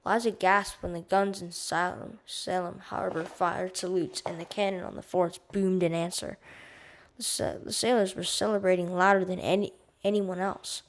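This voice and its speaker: A woman's voice: lowish voice, little pitch movement, moderate pace. A woman reading a children's novel aloud for homeschoolers, stumbling and restarting words and stopping to explain terms. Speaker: audiobook reader. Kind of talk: casual read-aloud for homeschool.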